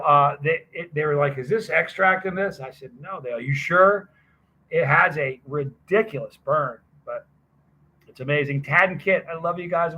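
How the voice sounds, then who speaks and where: A man's voice: a little high, bright, forceful tone, rough recording. A man live streaming casually, rambling and greeting viewers by name from a hot sauce festival booth.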